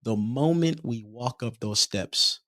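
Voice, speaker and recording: A man who hosts a podcast and coaches youth basketball tells a story in lively casual chat, often repeating himself when excited. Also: mid-range voice, slow pace, no room sound, studio quality.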